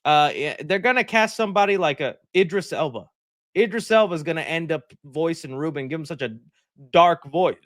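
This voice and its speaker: Man, livestream host, high lively voice, rambling and joking, dry close mic. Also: fairly quick, dry recording. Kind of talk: casual livestream chat. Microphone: desk mic.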